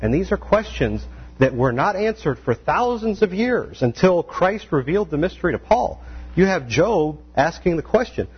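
Man, preacher, lively delivery, conversational sermon; dull recording with a low hum. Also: normal speed, breathy edge. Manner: animated, acts out quoted voices, rhetorical questions. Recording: dull lo-fi sound with faint mains hum.

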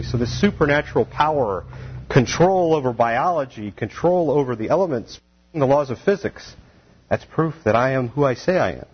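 A man leads a casual Bible study and retells the scripture in loose, everyday words. His voice is a little husky and mid-pitched. The recording is dull and lo-fi. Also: animated, normal speed. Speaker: Bible teacher.

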